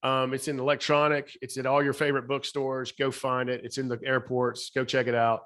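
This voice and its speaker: A man's voice: mid-range voice, flat delivery, brisk, a bit bright. A middle-aged man with a Southern accent, a podcast guest giving emphatic motivational talk, his voice slightly shaky. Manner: emphatic, repeats key phrases. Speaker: podcast guest, speaker and author.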